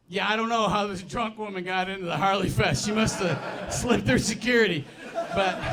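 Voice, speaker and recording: A man's voice: high voice, fairly bright tone. A man doing stand-up, telling rambling stories with restarts and asides in front of a live audience. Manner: rambling, self-interrupting with restarts and laughs. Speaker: stand-up comedian. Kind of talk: stand-up storytelling. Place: live venue with laughing audience.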